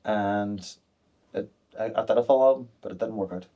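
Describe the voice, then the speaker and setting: A man's voice: on the low side, moderate pace, lo-fi sound. A man in his thirties, a podcast guest talking openly and frankly, with plenty of fillers and restarts. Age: 30s. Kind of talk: candid podcast conversation.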